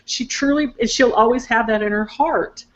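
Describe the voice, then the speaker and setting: A woman's voice: fairly high pitch, normal speed, dull audio. An older woman telling a heartfelt family story in casual chat on a video call, emotional and talkative. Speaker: psychic show co-host.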